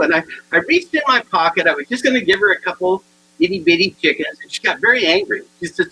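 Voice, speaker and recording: A man in his sixties giving a humorous motivational talk, animated and acting out the people in his stories. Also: high voice, fast, breathy edge, poor audio. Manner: animated storyteller acting out dialogue. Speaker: keynote speaker.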